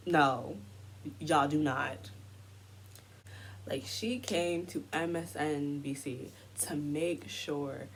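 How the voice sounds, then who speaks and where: A woman's voice: low-pitched, a little hiss or hum. A woman giving a heated commentary rant, indignant and sarcastic. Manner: indignant, sarcastic, mocking quoted voices. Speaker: commentary vlogger.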